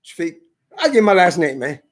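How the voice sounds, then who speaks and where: A man's voice: sits high, sing-song, a little fast. A man ranting defiantly on video, hammering his points with emphatic repetition. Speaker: vlogger. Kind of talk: angry video rant.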